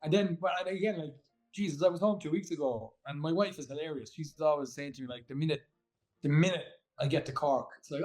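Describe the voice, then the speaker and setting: Man, softened Irish accent, rambling interview guest, restarts, raised pitch. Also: quick pace, rough recording. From Ireland. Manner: chatty, rambling, many fillers and restarts. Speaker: guest actor. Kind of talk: casual interview chat.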